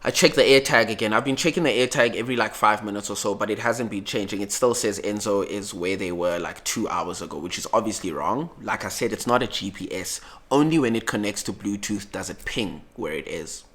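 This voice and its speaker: A young man from South Africa telling a story to camera, animated, acting out the dialogue and dropping to low murmurs. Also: brisk, hardly any pauses. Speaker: vlogger.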